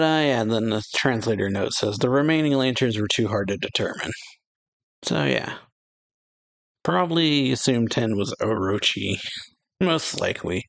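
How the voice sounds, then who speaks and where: Male reaction host, mid-pitched and gravelly, dry close mic, easygoing read-aloud with fillers. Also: no room sound. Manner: reads quoted lines aloud with a lift, hesitant fillers. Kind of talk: casual manga chapter read-through.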